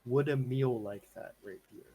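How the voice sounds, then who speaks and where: Male player, insistent, mid pitch, faint noise. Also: a little slow, warm tone. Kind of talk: tabletop role-play chat.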